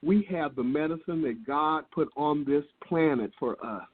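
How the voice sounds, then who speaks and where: A man's voice: a little high, normal speed, husky. A man speaking as a guest on a business interview call, laid-back and earnest, often restarting his words. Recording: tinny phone line.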